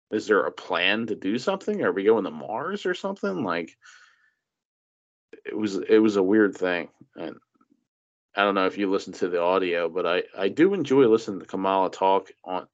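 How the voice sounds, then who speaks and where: A man talks in a loose political chat, slipping into mocking impressions and swearing freely. His voice sits fairly low, and the recording sounds dull and lo-fi. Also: normal speed. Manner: mocking, animated impressions, profane.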